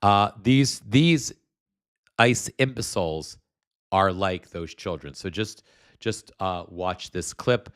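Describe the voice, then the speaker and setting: A man's voice: low voice, slow. A man hosting a live stream, talking bluntly and scornfully, with many restarts as he explains things at his computer. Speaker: show host.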